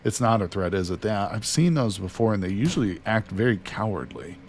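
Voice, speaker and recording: A man's voice: lowish voice, lively intonation, brisk, a little hiss or hum. A man casually commentating as he plays a survival game, chatting to himself and to his character. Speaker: gaming streamer. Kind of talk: casual let's-play commentary.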